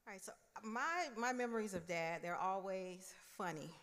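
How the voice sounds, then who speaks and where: A young woman giving a eulogy for her father in a church, telling a funny family story with warmth and humour. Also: medium pitch, normal speed. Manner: warm, humorous storytelling. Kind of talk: funeral tribute storytelling. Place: large church sanctuary. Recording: reverberant church hall.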